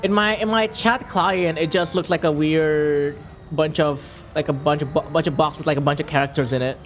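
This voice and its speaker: A man's voice: on the high side, fairly even intonation, normal speed, slight background noise. A man casually chatting to his chat while playing a racing game on a stream, jokey and a bit profane.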